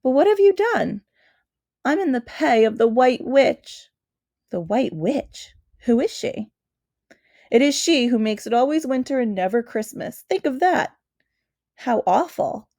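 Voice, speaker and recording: A kind, polite young girl speaks with eager, anxious sympathy, as a woman reads her aloud. Her voice is raised high and lively, recorded close and dry. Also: measured pace, no echo. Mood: alarmed. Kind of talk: storybook reading.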